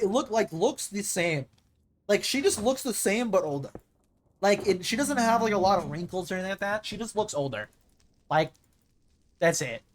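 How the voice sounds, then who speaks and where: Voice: medium pitch, slight background noise. Rambling casual streamer. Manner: rambling, filler-heavy, swears casually. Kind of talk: casual chat over live gameplay.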